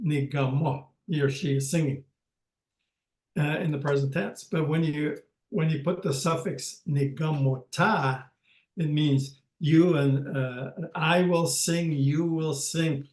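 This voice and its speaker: An older man teaching a language lesson over a video call, speaking haltingly with many pauses and restarts. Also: a little high, a little mellow, echoey room, low-quality recording.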